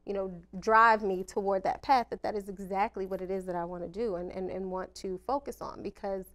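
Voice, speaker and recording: A woman's voice: mid-range voice, fairly even intonation, brisk, fairly bright tone. A woman in her thirties, a social worker, speaking candidly and reflectively in an interview and laughing at herself now and then. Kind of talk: personal interview talk.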